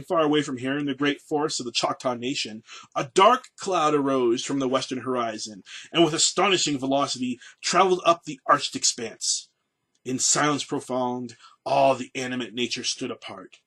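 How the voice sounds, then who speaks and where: A proud, defiant tribal chief, as a man reads him aloud speaks in slow, solemn oratory that swells to loud peaks. The voice is bright and husky, with a grand, measured delivery. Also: medium pitch, expressive.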